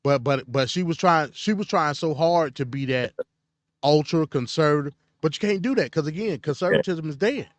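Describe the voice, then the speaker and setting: A man's voice: on the high side, moderate pace, no room sound. Blunt man hosting a dry-sounding livestream. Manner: blunt, opinionated. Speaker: host. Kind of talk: casual political commentary.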